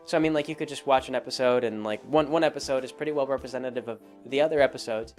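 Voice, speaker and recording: A man talking casually as a show host, at an ordinary middle pitch. He rambles, circling back with lots of fillers and restarted sentences. Faint music sits softly behind his voice. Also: racing. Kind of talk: casual spoken commentary.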